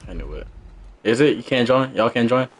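A young man streaming a racing game live, commentating excitedly from a home setup. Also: medium pitch, brisk, slight background noise. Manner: excitable, shouting and laughing during races. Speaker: gaming streamer.

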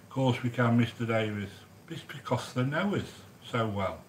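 His voice is medium in pitch and brisk, captured in a low-quality recording with a little hiss or hum. While cooking curry on a livestream, the middle-aged man keeps up casual, chummy chat with viewers, addressing them as sweetheart.

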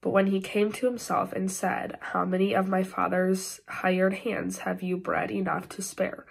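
A woman with an Upper Midwest American accent reads scripture aloud for a worship service. Her voice is gravelly, with a husky edge, and she sometimes trips over a word and starts it again. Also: medium pitch, level tone, a little slow. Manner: careful reading with frequent slips and restarts. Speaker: scripture reader.

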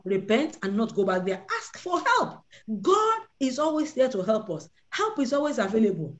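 A woman leading a prayer call, preaching and acting out the voices of Bible figures. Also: fairly high pitch. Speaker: prayer leader. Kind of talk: sermon on a prayer line.

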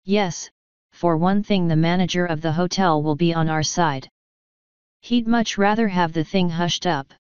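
A woman reading as a sharp-minded English mother, incisive and grimly decisive. The voice is low and very clear. It sits on dry, slightly dull audio. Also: unhurried, dry recording, lightly acted.

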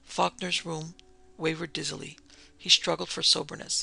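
A woman narrating a vintage mystery story in a steady, even storytelling manner. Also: sits low, moderate pace, creaky, slightly rough. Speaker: podcast narrator.

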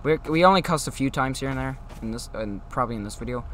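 A man's voice: medium pitch, expressive, fast talker, fairly bright tone, slight background noise. A man chatting casually during gameplay, guiding his friend and explaining what happens. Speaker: gaming YouTuber.

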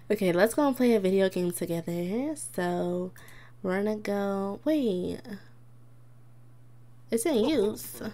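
This gaming YouTuber speaks slowly at a medium pitch, pausing often, with a dark tone. The young woman chats casually through a life-sim game, reacting aloud to her characters and frequently giggling.

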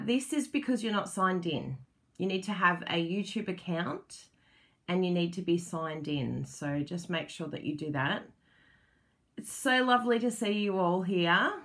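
A woman's voice: medium pitch, fairly bright tone. An Australian woman hosting a crafting livestream, chatting casually with viewers, laughing often and letting her sentences wander and trail off. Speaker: crafting channel host.

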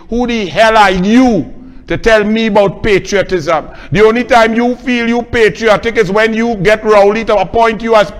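A middle-aged man with a Trinidadian accent, delivering an angry, accusatory political rant. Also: high voice. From Trinidad and Tobago. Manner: scornful, accusatory and forceful. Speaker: political commentator.

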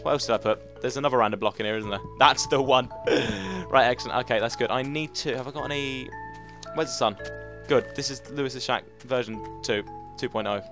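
Chatty young gamer, excitable. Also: male voice, mid-range voice, a little fast, over music. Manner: chatty, excitable, rambling with fillers. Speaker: gaming host. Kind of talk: casual let's play commentary.

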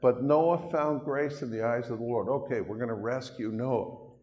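Crowd noise sits beneath an older Canadian pastor's mid-range voice as he preaches at a moderate pace. His sermon to the congregation is casual and folksy, dotted with asides to those listening. Long hall reverb fills the church hall recording.

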